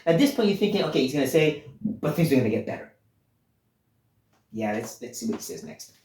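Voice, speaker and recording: Canadian guy preaching, blunt and earnest, mellow voice, echoey room. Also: on the high side, very animated, fairly quick. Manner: earnest, blunt, with frequent restarts and emphatic stresses. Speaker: Bible teacher. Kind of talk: sermon-style Bible teaching.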